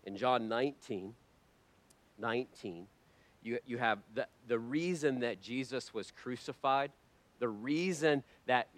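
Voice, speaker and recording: A man preaching a sermon to his church, impassioned and swinging between hushed lines and loud ones. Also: medium pitch, no echo. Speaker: pastor.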